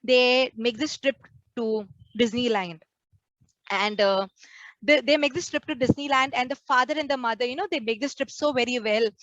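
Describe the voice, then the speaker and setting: A woman's voice: fairly high pitch, moderate pace, a bit bright, no echo, dull audio. A woman, a nun preaching a sermon to a prayer group and acting out the complaints she quotes. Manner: earnest, acts out quoted complaints.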